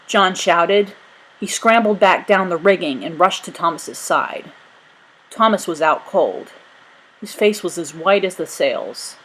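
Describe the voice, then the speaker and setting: Woman reading a storybook, slightly low voice. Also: rough recording. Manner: steady, expressive reading. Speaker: narrator. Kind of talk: storybook read-aloud.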